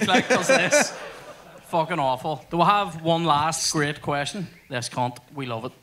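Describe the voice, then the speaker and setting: A man's voice: on the high side, animated, unhurried, sharp tone. A man telling crude stories at a live podcast on stage. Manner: crude storytelling with sweary asides. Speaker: podcast host. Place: theatre stage before audience.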